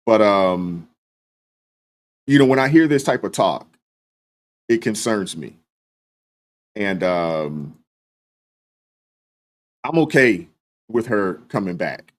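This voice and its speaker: Low-voiced man hosting a live stream. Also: slow pace, long pauses. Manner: relaxed, many fillers, thanks viewers by name. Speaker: live stream host reading super chats. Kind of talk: casual live stream commentary.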